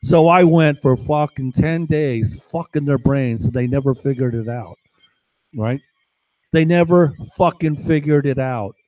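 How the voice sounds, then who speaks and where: A man's voice: mid-range voice, a little slow, darkish tone, dry recording, rough recording. A man telling a personal story in a casual, rambling, boastful way, swearing often. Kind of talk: casual first-person account.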